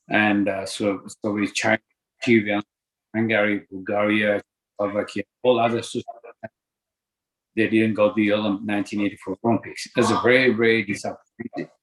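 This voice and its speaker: An older man from Ethiopia, a boxing coach, answering interview questions earnestly and repeating words for emphasis. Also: fairly low pitch. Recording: roomy echo.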